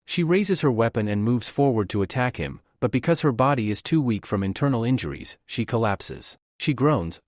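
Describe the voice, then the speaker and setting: A man's voice: medium pitch, big pitch swings, moderate pace, few pauses, no room sound, studio quality. A man narrating a comic recap story in plain storytelling tones.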